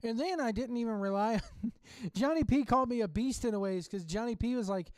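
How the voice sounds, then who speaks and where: A man's voice: very high voice, a little fast, dry recording. Man, podcast host, rambling delivery, dry close sound. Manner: rambling, loose, hesitant restarts. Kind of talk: casual interview and recap.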